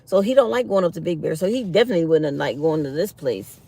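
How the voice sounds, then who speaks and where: A woman with a deep, husky, dark-toned voice talks fast with lively intonation. Hosting a casual livestream, she tells stories to her viewers, calls them y'all, and acts out what people said in a chatty way.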